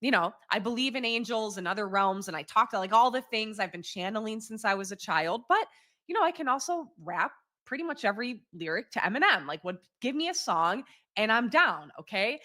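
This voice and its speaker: A podcast host in her thirties shares a candid personal story in a lively, casual way, laughing often and swearing freely. Her voice is on the high side and fairly quick.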